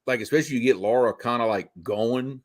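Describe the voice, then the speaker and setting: A middle-aged man from Louisiana with a softened south Louisiana Cajun accent, chatting casually as co-host and telling stories with animated asides. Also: medium pitch, a little fast. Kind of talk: casual chat.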